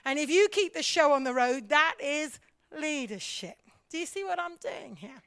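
A lively woman speaks in a high voice, teaching a congregation about leadership. She fires questions at her listeners and acts out other people's voices as she goes. The sound is dry and close, with no room echo. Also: moderate pace. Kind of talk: church teaching talk.

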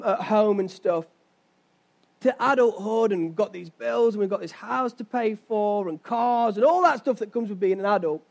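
A man's voice: high-pitched, gravelly. A young man preaching a sermon as pastor, telling stories and asking his listeners rhetorical questions. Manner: conversational storytelling with rhetorical questions.

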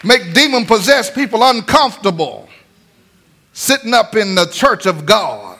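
A man with a high, bright voice preaches a sermon. He drives his points home with rising sing-song cadences and sudden shouted lines. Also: very animated, a little slow. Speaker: pastor.

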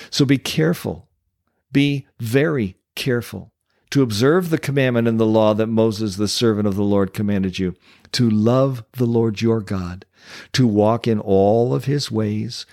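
A man in a Christian coaching ministry preaching a devotional sermon, pressing his listeners with repeated questions and reading Bible verses slower and lower. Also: darkish tone, no room sound, clean studio sound.

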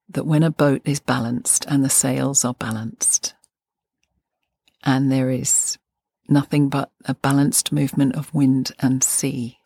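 Woman, deep voice, gravelly, measured podcast explainer. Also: mellow, dry recording. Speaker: fascia and anatomy educator. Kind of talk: podcast lesson.

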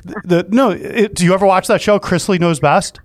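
A man's voice: sits high, a little fast, no echo. A man hosting a podcast in casual chat, rambling and self-mocking as he jokes. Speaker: podcast host.

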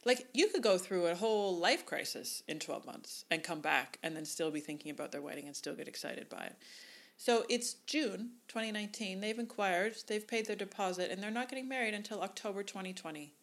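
A woman's voice: mid-range voice, expressive, brisk. A woman coaching wedding business owners, upbeat and emphatic, firing off rhetorical questions. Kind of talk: instructional talk.

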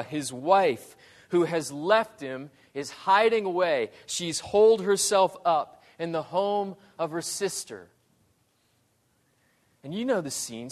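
A man preaching a sermon, dramatic in delivery, dropping to a hush and rising to loud pleas. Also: a little high, big-room sound. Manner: dramatic, swings from hushed to loud.

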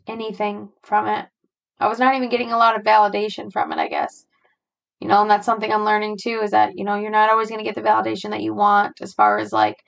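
Creaky-voiced woman musing aloud, halting. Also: medium pitch, a bit bright, muffled recording. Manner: halting, searching, many fillers and sighs. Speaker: podcast host. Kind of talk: personal reflective monologue.

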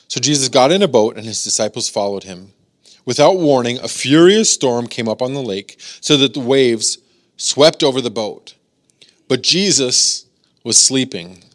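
A man preaching as a pastor in a casual, talky way, full of "like" and acted-out voices. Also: mid-range voice. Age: adult, has daughters. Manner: conversational, filler-heavy, acts out voices. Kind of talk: casual youth sermon.

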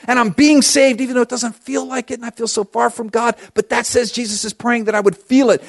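High-voiced passionate male preacher. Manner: passionate, swinging between loud emphasis and hushed asides. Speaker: pastor. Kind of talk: sermon.

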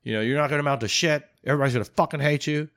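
A man's voice: a little high, rapid-fire, a bit bright, dry recording, clean studio sound, pitched above the performer's own voice. A man voicing a crude, contemptuous male army sergeant major who barks profane insults. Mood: mocking.

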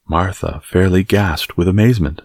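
A man reading a novel aloud as an audiobook narrator, in a calm, measured way. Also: low-pitched, no room sound, clean studio sound. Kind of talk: scripted narration.

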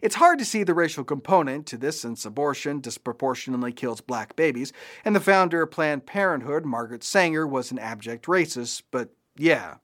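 A man's voice: a little high, expressive, a little fast, a bit bright. A man hosting a scripted political commentary show, delivering it with sarcastic, mocking asides.

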